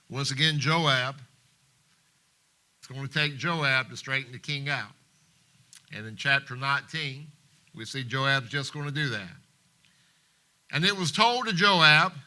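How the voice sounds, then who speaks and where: On a church live stream, a man with a slightly high voice preaches passionately, moving between hushed tones and loud emphasis. He reads scripture in King James wording.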